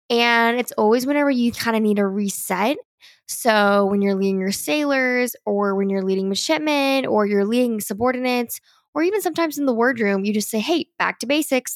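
A young adult woman hosts her own podcast solo, chatty and animated. Her voice sits a little high with a gravelly fry at the ends of phrases. The sound is dry and close, with no room around it. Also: dry recording. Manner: chatty and animated, heavy use of "like". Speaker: podcast host. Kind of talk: casual solo podcast monologue.

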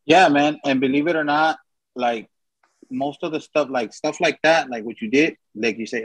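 A man's voice: a little high, moderate pace, breathy edge, dry recording, poor audio. A man hosting a podcast, chatting casually and giving blunt, heavily profane advice. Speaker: podcast host.

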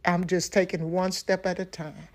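A woman's voice: fairly low pitch, little pitch movement, normal speed, darkish tone. A middle-aged woman minister giving a personal testimony in an earnest way. She laughs often and repeats words when she stresses a point.

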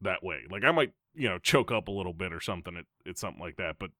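A man with a very deep voice talks through his thoughts on a film in a casual podcast chat. He speaks in a measured way, pausing as he works out what he means. The sound is close and dry. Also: expressive, pushed and bright, dry recording.

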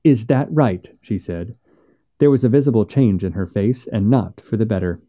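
A man reads a frontier tale aloud at a steady, measured pace. His voice is mellow and dark, and the audio sounds slightly dull. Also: on the low side. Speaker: storyteller. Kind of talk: audiobook narration of a western.

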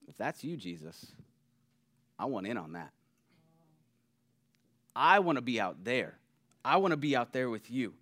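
A man's voice: mid-range voice, big pitch swings, moderate pace, bright, forceful tone, no echo. A man voicing Peter, an eager, bold fisherman, in a sermon. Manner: earnest, eager, challenging.

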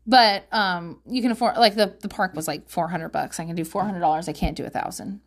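A woman with a lowish voice talks briskly and casually from home to her viewers, sharing parenting advice. She's candid, swears freely, and laughs often.

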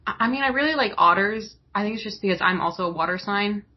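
A young woman talking casually in a soft-spoken, agreeable way. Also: medium pitch, lively intonation, fast, husky. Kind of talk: casual chat. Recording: dull lo-fi recording.

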